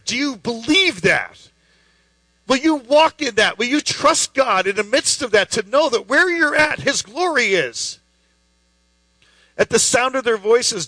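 A man's voice: high voice, pushed and bright, no echo, poor audio. A man preaching a sermon in an emphatic, conversational way, full of rhetorical questions.

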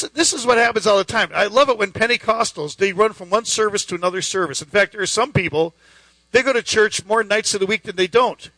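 A man's voice: high-pitched, sharp tone, no echo, rough recording. A man preaching a sermon in an emphatic, conversational way, full of rhetorical questions.

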